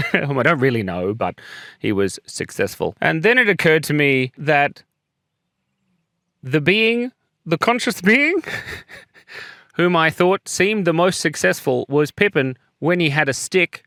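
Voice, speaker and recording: A man's voice: on the high side, expressive, a little slow, fairly bright tone, no echo, studio quality. A man talking casually in a personal vlog, joking and self-deprecating while getting choked up, and coughing as he gets over a chest infection. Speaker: vlogger.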